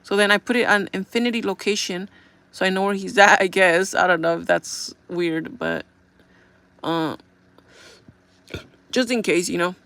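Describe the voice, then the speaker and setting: A young woman talks casually to her viewers in a mid-pitched voice. She rambles and circles back, filling her sentences with "like" and "you know" as she tells a story. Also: steady tone, moderate pace, pauses often, fairly bright tone, dry recording. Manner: rambling, filler-heavy storytelling with frequent "like". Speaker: vlogger. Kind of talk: casual chat.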